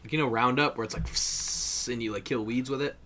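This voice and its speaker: Young male podcast co-host, bright tone, rambling jokey banter. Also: mid-range voice, steady tone, rapid-fire, slight background noise. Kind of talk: casual chat.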